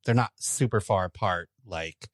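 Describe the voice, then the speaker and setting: Laid-back low-voiced man chatting. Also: normal speed, slight background noise. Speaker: podcast co-host. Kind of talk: casual sports chat.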